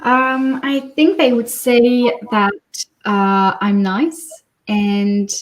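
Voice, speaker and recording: A nineteen-year-old woman with a French accent, a singer-songwriter answering interview questions in a hesitant, soft-spoken way. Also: a little high, fairly even intonation, drawn-out words.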